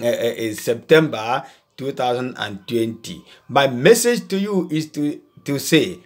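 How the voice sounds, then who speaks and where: A male preacher with a slightly high voice addresses his online congregation. He hammers single words over and over for emphasis, then slows with drawn-out hesitations. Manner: emphatic, repeats words in bursts, pauses with "uh". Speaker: preacher and channel host. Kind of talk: informal video sermon.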